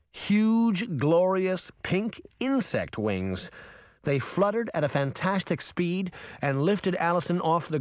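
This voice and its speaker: A narrator reading a fantasy story aloud in an expressive storytelling manner. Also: mid-range voice, dry recording, studio quality. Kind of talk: audiobook narration.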